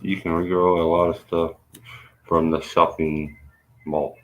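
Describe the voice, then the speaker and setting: A middle-aged man with a very deep voice banters through a casual livestream. He drops dry jokes and mumbled asides, and the lo-fi audio sounds dull and muffled. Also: little pitch movement, measured pace, slight background noise. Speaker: livestream co-host.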